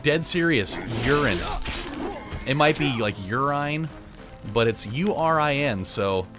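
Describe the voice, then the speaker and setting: A man's voice: medium pitch, expressive, unhurried, over music. A man casually riffing and joking as he plays a video game, rambling and laughing at his own lines. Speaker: gaming channel host. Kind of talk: casual let's play commentary.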